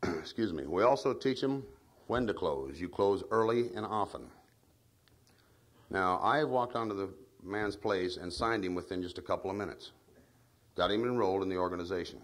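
A man giving a folksy training speech at a meeting, telling anecdotes and drawing the audience in with tag questions. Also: deep voice. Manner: tells anecdotes. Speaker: trainer of field staff.

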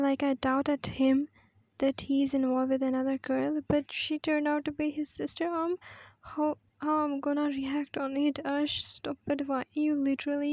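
Brief: woman story reader, high and flat, dry close sound. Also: no echo. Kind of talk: reading a fan story aloud.

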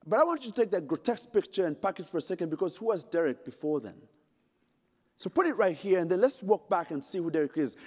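A middle-aged man from Uganda tells a dramatic, joke-filled story in a conference keynote, addressing the audience head-on. His voice sits high and slightly rough, with big pitch swings and a quick pace. The recording carries the long reverb of a large conference hall.

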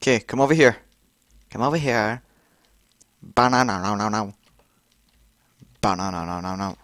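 A young man commenting on a frustrating video game he is playing, exasperated, swearing and yelling at it. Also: mid-range voice, no room sound, clean studio sound. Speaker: gamer. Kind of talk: frustrated let's-play commentary.

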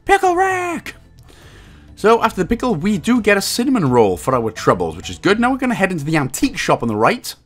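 A man narrating a game walkthrough, joking around and slipping into silly high voices. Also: wildly swooping pitch, fast, hardly any pauses, slightly rough. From Wales. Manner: bursts into silly high-pitched voices and laughs at own jokes. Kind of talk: jokey game walkthrough commentary. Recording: faint game music underneath.

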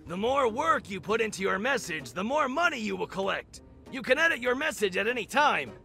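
Bossy game tutor: very high, gravelly, sharp. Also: male voice, sing-song, a little fast, over music, exaggerated voice. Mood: instructing.

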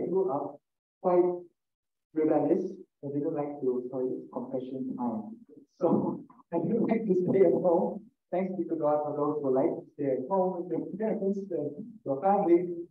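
A man, a priest, gives a lively, informal scripture reflection, voicing Jesus' words as he tells the story. His voice sits fairly high. The sound comes over a narrow, phone-like video call, distant and echoey. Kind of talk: informal sermon.

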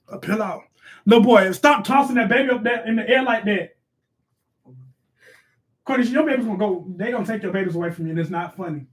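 Man doing a loud sassy scolding mom. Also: sits high, recorded from a distance, close to an everyday voice. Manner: shouty scolding, slangy, fast rants. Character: loud bossy middle-aged mother, sassy and scolding. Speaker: comedy sketch character. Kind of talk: improvised comedy sketch, live-stream parody.

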